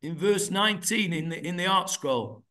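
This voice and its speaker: Male Bible teacher, high bright voice, reads verses aloud and quizzes the class, hesitant with fillers. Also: moderate pace. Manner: hesitant, searching for words with many fillers. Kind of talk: interactive text study.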